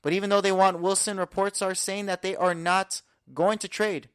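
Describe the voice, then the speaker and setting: A man hosting a podcast, giving an energetic, confident sports breakdown full of statistics. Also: high-pitched, normal speed, smooth, dry recording, clean studio sound. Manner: energetic, confident, stat-heavy rundown. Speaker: podcast host. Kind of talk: casual sports analysis talk.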